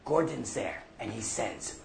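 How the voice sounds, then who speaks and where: An actor playing an older farmer off the drink who tells profane, folksy stories. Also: male voice, mid-range voice, animated, measured pace, vocal fry. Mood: rambling. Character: older male prairie farmer off the drink, gruff storyteller. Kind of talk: monologue.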